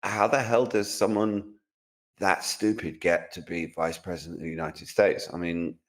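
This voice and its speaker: A man's voice: deep voice, little pitch movement, moderate pace. A man from Britain co-hosting a casual chat, mocking and opinionated, rambling with restarts. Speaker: co-host, tech commentator.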